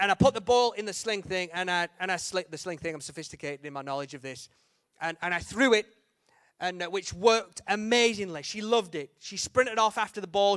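A young man delivers a comic sermon story, acting out his own thoughts and calling out loudly at moments. His voice sits fairly high for a man and the sound is dry and close, with no room echo. He talks with playful self-mockery and quick bursts of energy. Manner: humorous, animated, shouts and acts out quotes. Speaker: preacher.

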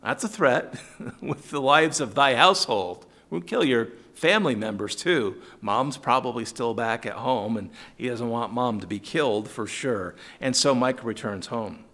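A man's voice: mid-range voice, normal speed, a bit bright. A man leading a conversational Bible study, paraphrasing verses in casual speech, chuckling and calling on listeners by name. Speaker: Bible teacher.

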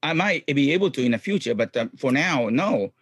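A middle-aged man, a guest chatting in an interview in upbeat, halting English full of ums. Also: mid-range voice, lively intonation, fairly bright tone, husky, no echo, studio quality. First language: Japanese. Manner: upbeat, frequent ums, non-native phrasing. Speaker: guest, clown comedian and actor. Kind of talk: casual interview chat.

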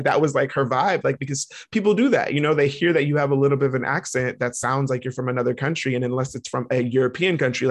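A man co-hosting a podcast in casual chat, animated and laughing often. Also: medium pitch, gravelly. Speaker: podcast co-host.

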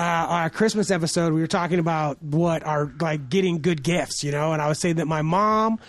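Man, podcast co-host, high voice, dry sound, swearing a lot, rambling story. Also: dry recording. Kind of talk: casual chat.

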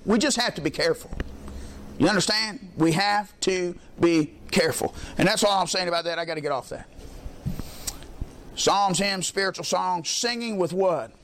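A male pastor delivering a sermon, his voice pitched fairly high for a man. He tells stories in a folksy, emphatic way, repeating key lines for emphasis. Faint noise runs behind him. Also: fairly bright tone. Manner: folksy, emphatic storytelling with repetition.

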